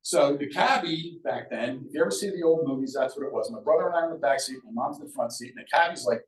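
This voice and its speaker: This older storyteller from Sea Isle City, New Jersey, is a fast talker with a middle-pitched voice. At a museum talk he recalls local memories in a lively, conversational way, acting out quoted voices, while the distant mic picks up plenty of room echo.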